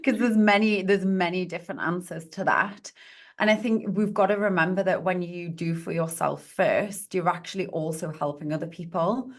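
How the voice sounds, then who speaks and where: A woman's voice: on the low side, normal speed. A woman speaking as a podcast guest and positive psychologist, talking in an earnest, encouraging coaching tone. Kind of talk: podcast conversation.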